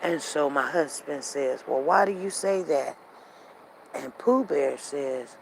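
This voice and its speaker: Woman, casual storytelling, gravelly, repetitive, animated, faint traffic noise. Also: low voice, slow pace, poor audio. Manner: repetitive, conversational, animated retelling. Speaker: show host. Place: walking outdoors near traffic.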